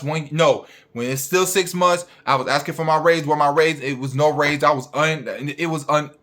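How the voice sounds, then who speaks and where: A young man with a fairly high voice rants at his viewers as a registered nurse. He is blunt and confrontational and swears freely as he talks straight at them. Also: fairly bright tone. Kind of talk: blunt ranting monologue to viewers.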